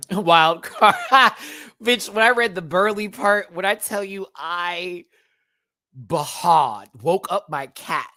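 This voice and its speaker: A man's voice: high voice, slow pace, bright, forceful tone, no room sound, studio quality. A man reviewing a drag competition show in a livestream, sassy and campy, full of slang and frequent laughter, talking straight to viewers. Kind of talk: casual livestream commentary.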